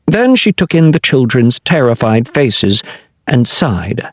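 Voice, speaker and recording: Brief: man narrator for a kids' fantasy audiobook, husky tone, very lively pitch. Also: slow, dry recording. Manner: expressive storytelling. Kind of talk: scripted narration of a children's fantasy novel.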